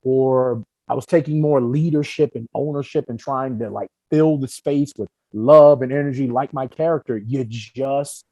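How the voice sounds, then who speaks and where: Brief: young male actor guest, lively storytelling chat, mid-pitched, dry close mic. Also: moderate pace, few pauses, no echo, low-quality recording. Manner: animated, talkative storyteller. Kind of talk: casual podcast chat.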